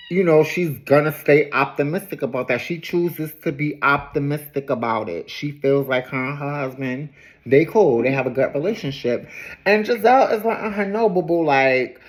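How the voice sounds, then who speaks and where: A woman's voice: low-pitched, low-quality recording. A woman giving a casual, chatty recap of a reality show, laughing easily and drifting off on tangents. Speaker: TV recap host.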